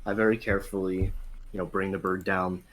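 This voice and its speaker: A man's voice: sits low, level tone, a little fast, fairly bright tone, a little hiss or hum. Chatty man playing a tabletop game. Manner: chatty, laughs often. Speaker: player. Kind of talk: casual tabletop play.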